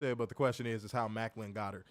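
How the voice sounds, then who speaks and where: A man's voice: fairly low pitch, fairly even intonation, fast talker, dry recording. A man co-hosting a live wrestling review stream, casual and profane, laughing often and reading viewer comments aloud. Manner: reads viewer super chats aloud. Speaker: wrestling show co-host.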